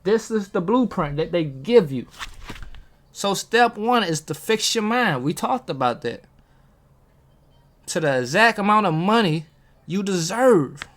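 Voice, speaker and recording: A man's voice: sits high, expressive, measured pace, pauses often, a bit bright. A man giving a casual motivational talk to camera from a table, preaching and throwing rhetorical questions at his viewers. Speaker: motivational video host. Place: at a table, self-filmed.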